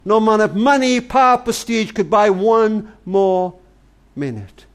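A man telling a long tender story on a family radio program, addressing the listener as "darling" and slowing right down to hushed words for emphasis. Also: high voice. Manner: tender, dramatic storyteller, often says "darling"; slows and drops to near-whisper for emphasis. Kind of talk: storytelling talk.

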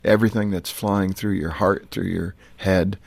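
A low, gravelly man hosting a radio interview, asking his guests gentle, empathetic questions. His voice is slightly husky, and the sound is close and dry. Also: steady tone, moderate pace, no room sound. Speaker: radio show host interviewing a couple.

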